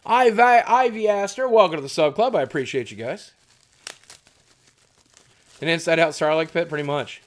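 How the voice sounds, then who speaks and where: A man's voice: on the high side, moderate pace, long pauses. A man chatting casually and profanely with his stream chat while unboxing, cracking jokes. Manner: crude, profane, jokey.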